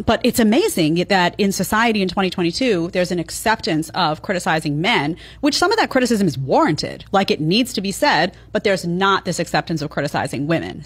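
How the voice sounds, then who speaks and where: A woman giving her opinions in an animated podcast discussion. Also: fairly low pitch, slightly rough.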